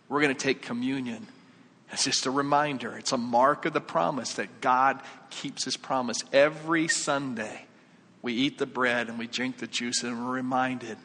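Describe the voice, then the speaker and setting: A man's voice: mid-range voice, fairly even intonation, normal speed, sharp tone. A man preaching a sermon, telling a story and acting out the dialogue with growing animation. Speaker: pastor. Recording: reverberant church hall.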